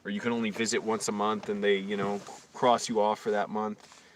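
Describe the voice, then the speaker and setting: A man's voice: on the low side, flat delivery, a little fast, a little hiss or hum. A man from Virginia telling an indignant, rambling story on a livestream, with many fillers and restarts. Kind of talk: casual livestream rant.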